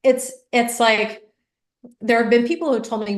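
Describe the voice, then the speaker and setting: This woman, a business coach being interviewed on a show, tells lively stories and performs the voices of people she quotes. Her pitch is on the high side, her pace moderate, and the room sounds echoey.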